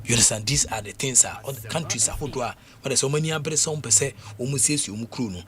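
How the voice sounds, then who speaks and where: A man with a Ghanaian accent talking sports on the radio in a casual, animated way, laughing often and full of fillers and repeats. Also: medium pitch, fast talker, few pauses, background noise. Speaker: radio sports show panelist. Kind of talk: casual radio sports talk mixing English and Twi.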